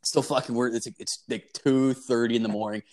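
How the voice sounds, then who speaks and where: A man's voice: medium pitch, fairly even intonation, fairly quick, darkish tone. A young man telling a long story in casual chat, rambling and profane, with lots of fillers.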